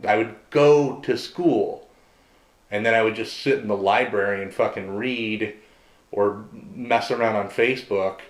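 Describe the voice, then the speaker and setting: A man's voice: fairly low pitch, a little slow. A man speaking bluntly in a personal interview. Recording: echoey room.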